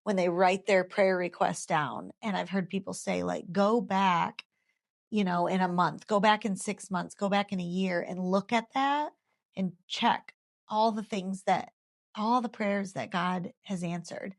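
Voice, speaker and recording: A woman's voice: medium pitch, fairly even intonation, unhurried, gravelly. A woman in her thirties sharing her faith story in an interview, earnest and heartfelt, repeating phrases for emphasis.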